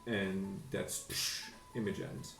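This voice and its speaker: A man narrating a tabletop game as game master, halting, with many fillers. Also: low voice, little pitch movement, fairly bright tone. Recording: echoey room, faint music.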